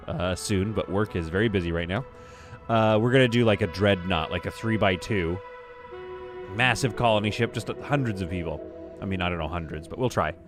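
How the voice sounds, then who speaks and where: A man chatting casually on a live game stream, rambling and self-amused. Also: fairly low pitch. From Canada. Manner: rambling, self-amused, many fillers and restarts.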